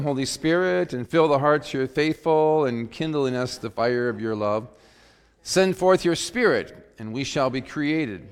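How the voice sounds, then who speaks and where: Earnest male pastor, measured delivery. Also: mid-range voice. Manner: measured, earnest reading with reflective pauses. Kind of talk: liturgy and sermon.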